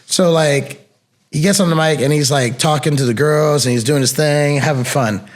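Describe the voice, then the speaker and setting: In a slightly high voice at normal speed, a young podcast co-host tells casual stories from his days doing security as a bouncer. His storytelling is laid-back and full of slang, with laughter bursting out.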